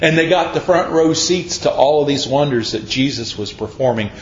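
With lively intonation and a moderate pace, a male pastor tells Bible stories during a sermon. His delivery is folksy storytelling, complete with acted-out voices, captured in an echoey lo-fi room with a faint rumble.

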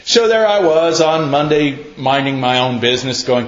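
In an echoey church, a middle-aged male pastor tells a self-mocking story during his sermon, acting out the dialogue in a folksy manner. His voice sits in the mid range at a normal speed, and the recording sounds dull and lo-fi.

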